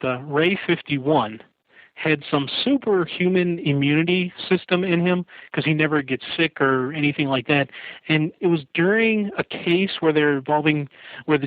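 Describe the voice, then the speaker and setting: A man's voice: fairly high pitch, normal speed, no echo. A man co-hosting a casual podcast, recapping at length with light laughs. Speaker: podcast co-host. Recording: tinny phone-line sound.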